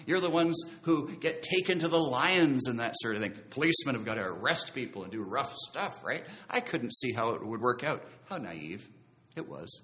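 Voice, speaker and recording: A preacher gives his testimony in a sermon, sharing his own conversion story in an earnest, conversational way and stretching out key phrases for emphasis. His mid-range voice is bright and forceful, animated and brisk, with hardly any pauses.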